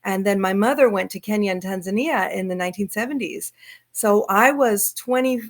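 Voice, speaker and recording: A middle-aged woman from Southern California, a guest telling her travel stories in lively fashion over a video call. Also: mid-range voice, moderate pace. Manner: lively storyteller acting out quoted voices. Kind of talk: storytelling in an interview.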